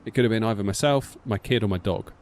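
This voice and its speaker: A man's voice: on the low side, fast talker, faint music behind. A man in his thirties with a British accent, telling stories in a casual live-stream chat and acting out the voices in them. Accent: British English. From United Kingdom. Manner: rambling storyteller, animated, acts out quotes. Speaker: flight sim streamer.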